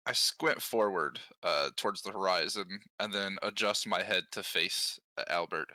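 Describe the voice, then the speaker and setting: A man playing a tabletop game, relaxed with dry humor. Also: deep voice, normal speed, few pauses, no echo. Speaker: player. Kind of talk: casual tabletop role-play.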